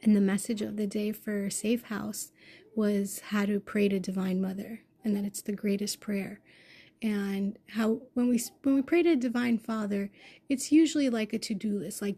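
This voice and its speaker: A woman's voice: mid-range voice, fairly even intonation, moderate pace. Intense, swearing woman telling a story. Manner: intense, swearing, swings from hushed to loud outbursts. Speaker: vlogger. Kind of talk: emotional personal storytelling.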